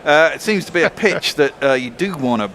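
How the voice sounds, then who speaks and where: A man's voice: on the high side, lively intonation, a little fast, a bit bright, a little hiss or hum. A man commentating on cricket ball by ball, trading dry, joking banter with his co-hosts.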